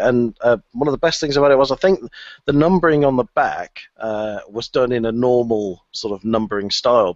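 A man's voice: medium pitch, dry recording. A man co-hosting a casual podcast, chatty, with frequent fillers and easy laughter. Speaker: podcast co-host. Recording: dull lo-fi podcast audio.

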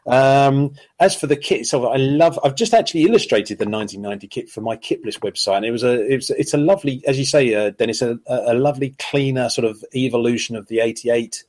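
A man co-hosting a podcast who speaks thoughtfully and at a measured pace, with a little humour. His voice is mid-range for a man. He shapes his opinions carefully as he talks. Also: medium pitch, a little mellow. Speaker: podcast co-host. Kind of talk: casual podcast chat.

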